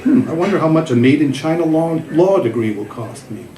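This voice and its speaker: A man's voice: a little high, expressive, brisk. A man in his fifties reading a personal essay aloud to a live audience, with a wry, self-mocking delivery. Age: 50s. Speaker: reader. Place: festival event room with a live audience. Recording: echoey room, loud crowd laughter.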